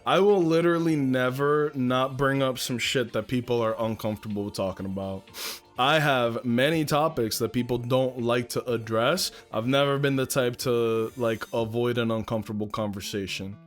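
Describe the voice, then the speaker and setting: A man's voice: mid-range voice, normal speed, soft background music. A young man streaming from home, chatting casually to his viewers and cooing baby talk at his cat, swearing now and then. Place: at home indoors. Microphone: desk mic, handled up close.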